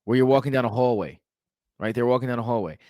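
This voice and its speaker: A man's voice: medium pitch, fast talker, darkish tone, no echo, clean studio sound. A man co-hosting a podcast in casual, slangy, rambling chat. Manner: slangy, laid-back, rambling. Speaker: podcast co-host, teacher.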